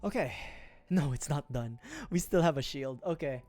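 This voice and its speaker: A man's voice: on the high side, moderate pace, darkish tone. A man from the Philippines hosts a casual livestream at his home setup. He rambles with self-interrupting asides and little jokes as he builds a model kit, and faint music plays in the background. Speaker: livestream host.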